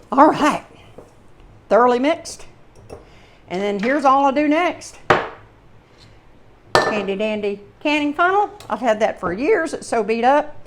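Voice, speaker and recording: A woman's voice: a little high, a little hiss or hum. A woman with a Southern American accent hosting a casual home cooking demonstration in her kitchen, chatting with folksy, rambling asides. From Southern United States. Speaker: home cooking channel host.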